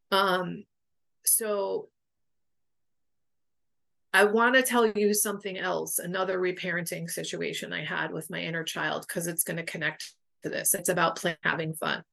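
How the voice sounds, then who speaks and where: A woman's voice: fairly low pitch, fairly even intonation, normal speed, creaky, a bit bright. A woman guest and boundaries coach telling personal stories in a frank, emotional way, swearing freely. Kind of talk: candid conversational storytelling.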